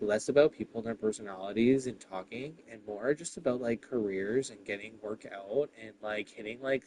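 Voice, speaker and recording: A man's voice: lowish voice, darkish tone, slight background noise, rough recording. A man ranting casually to camera, exasperated and profane, with lots of "like" fillers. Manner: many "like" fillers. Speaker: vlogger. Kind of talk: casual rant.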